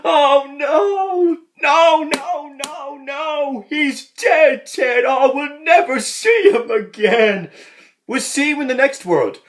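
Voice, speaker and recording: A grieving priest howls in a shrill falsetto. The voice sits far above a normal speaking pitch and comes out loud, slow and sobbing. Each line is drawn out into a wail. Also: male voice, expressive. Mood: wailing grief. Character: wailing high-voiced grieving male priest.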